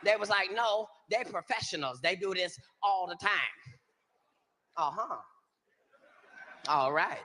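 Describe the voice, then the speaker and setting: A man works a live stand-up set, and his voice rings out high and bright. He tells his story in a profane, animated way. A long reverb from the hall trails each line. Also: a little slow, pauses often. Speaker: stand-up comedian. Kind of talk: stand-up comedy routine.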